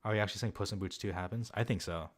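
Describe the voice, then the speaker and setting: A man's voice: lowish voice, rapid-fire. A young man reviewing films in a casual, rambling way, peppered with filler words and swearing while he answers viewers. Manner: rambling and loose, heavy use of filler words, swears freely. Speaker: film vlogger.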